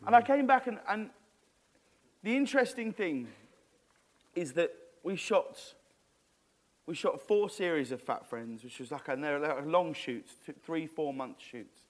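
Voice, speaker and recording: A man being interviewed on stage, telling a story in an animated, rambling way with many restarts. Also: fairly high pitch, unhurried, long pauses. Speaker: guest.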